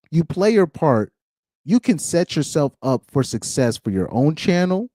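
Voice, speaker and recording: A man's voice: on the high side, warm tone, no echo, studio quality. A man giving blunt, ranting reaction commentary, laughing often between points. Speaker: commentary streamer.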